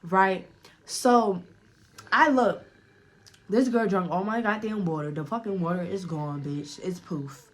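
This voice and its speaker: A young woman vlogger telling a casual story time, profane and animated, often repeating herself. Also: mid-range voice, a little slow.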